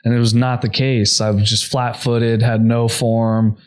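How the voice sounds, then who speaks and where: A young adult man, a podcast guest, earnestly telling a personal story at a quick clip, full of "like" fillers. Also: mid-range voice, little pitch movement, clean tone. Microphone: podcast microphone.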